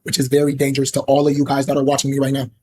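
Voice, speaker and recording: A man's voice: medium pitch, completely flat delivery, racing, warm tone, husky, no room sound. A young man with a sore throat talking earnestly and from the heart to his livestream viewers. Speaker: streamer. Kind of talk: emotional livestream talk.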